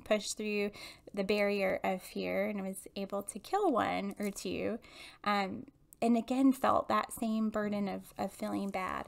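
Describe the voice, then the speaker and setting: A woman in her forties tells a personal story in a relaxed, chatty monologue. Her voice has a gravelly, creaky edge at a middle pitch. She talks candidly and laughs now and then. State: emotional. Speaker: podcast host and intuitive medium.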